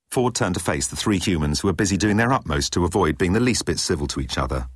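A man narrating an audiobook with a very deep voice that moves a lot in pitch. His tone is a touch husky, and the recording is close and dry. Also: animated, fast, hardly any pauses, no room sound. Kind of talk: scripted narration.

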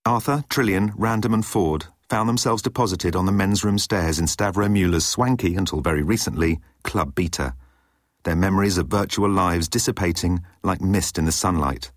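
A man narrating an audiobook in an expressive reading style. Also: low voice, normal speed, dry recording, studio quality. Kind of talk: scripted narration.

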